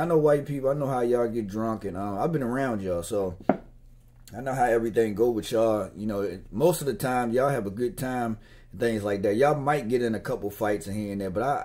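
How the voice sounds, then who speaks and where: A man's voice: medium pitch, lively intonation, brisk, darkish tone, breathy edge. A man talking in a loose, slangy, meandering way while he chats casually to camera. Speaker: gun owner vlogger. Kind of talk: casual rambling chat.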